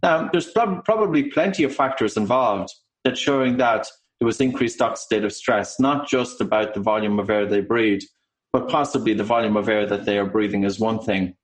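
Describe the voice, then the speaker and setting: A man with an Irish accent, an author and breathing coach, explaining his subject in a measured way during an interview. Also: fairly low pitch, poor audio. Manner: measured, explanatory, with occasional ums.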